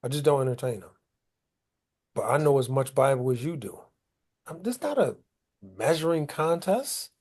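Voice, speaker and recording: A man's voice: medium pitch, lively intonation, normal speed, long pauses, a little mellow. A man leading a Bible study, explaining scripture in loose, colloquial everyday talk. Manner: colloquial, paraphrases scripture in casual street talk. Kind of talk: conversational Bible study teaching.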